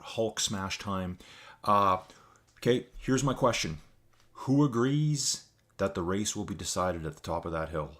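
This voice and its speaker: A man's voice: low-pitched, a bit bright. A tired man hosting a casual live stream, chatting loosely with viewers and calling them folks. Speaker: livestream host. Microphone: desk mic with adjustable gain.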